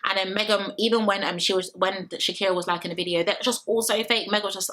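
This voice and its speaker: A woman's voice: medium pitch, brisk, hardly any pauses, background noise. A young woman chatting through a reality show recap, opinionated and sassy, mocking the people she quotes.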